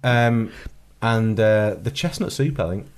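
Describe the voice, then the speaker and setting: A man's voice: fairly low pitch, measured pace, clear, resonant tone. Dry, teasing man. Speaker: podcast co-host. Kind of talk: casual podcast chat.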